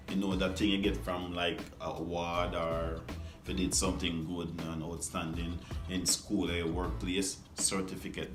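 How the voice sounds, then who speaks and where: A man from Jamaica with a Jamaican accent, casually vlogging about pronunciation in a playful way, chuckling and repeating words slowly. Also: low voice, little pitch movement, echoey room, over music. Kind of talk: casual vlog explaining pronunciation.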